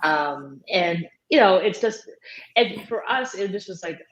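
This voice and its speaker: Woman, lowish voice, chatty with fillers, roomy dull recording. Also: expressive, a little slow, a little hiss or hum. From England. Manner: chatty, laughing, trailing fillers. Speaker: podcast guest. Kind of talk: casual chat. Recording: roomy lo-fi sound.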